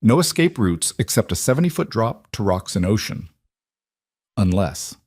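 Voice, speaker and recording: A man narrating a dramatic story in steady, scripted storytelling. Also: lowish voice, normal speed, husky, dry recording, studio quality.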